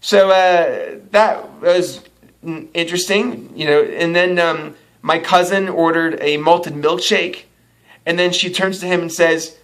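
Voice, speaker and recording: A man's voice: a little high, fairly even intonation, measured pace, fairly bright tone. Chatty man telling a funny story. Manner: chatty, laughs at his own story, acts out quotes. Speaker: actor and model vlogger. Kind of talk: casual storytelling vlog.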